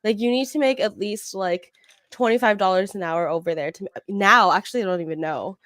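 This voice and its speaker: A woman's voice: medium pitch, a little fast, fairly bright tone, dry recording, studio quality. A woman chatting casually on a live stream, hedging and hesitant as she talks.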